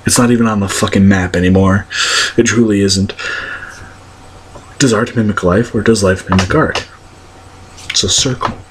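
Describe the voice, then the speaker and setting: A man's voice: lowish voice, fairly even intonation, normal speed, pauses often, a little hiss or hum. A young man ranting casually to his viewers, blunt and profane, rambling with many fillers. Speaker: vlogger. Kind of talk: casual rant to camera.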